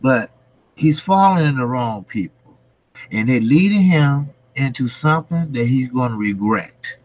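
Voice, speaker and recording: Brief: male commentary host, unhurried, blunt profane rant, dry close sound. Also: medium pitch, expressive, no room sound. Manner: blunt, profane, repeats rhetorical questions. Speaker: boxing commentary channel host. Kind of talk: casual ranting commentary.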